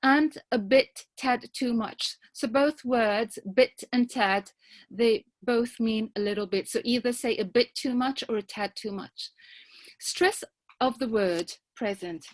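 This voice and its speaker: Slow, careful woman giving a grammar report. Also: a little high, no echo, rough recording. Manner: careful, deliberate, spells out words. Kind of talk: club meeting report.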